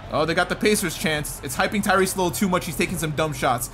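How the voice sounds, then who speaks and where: A young man giving excitable commentary over a basketball video game, often yelping and shouting at plays. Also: sits high, a little fast. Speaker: gaming YouTuber. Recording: game music playing behind.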